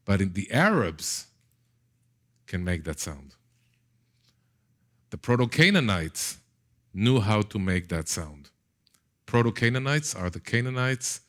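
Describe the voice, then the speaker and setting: A man's voice: sits low, a bit bright. A man with an Israeli accent, a native Hebrew speaker, teaching a Bible class in a casual lecture style, often repeating words and putting questions to his listeners.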